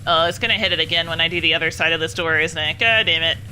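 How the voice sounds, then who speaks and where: A young woman streaming a game, chatting casually and swearing at it out loud. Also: deep voice, quick pace, slight background noise. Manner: swears often, scolds the game aloud. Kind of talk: casual gameplay commentary.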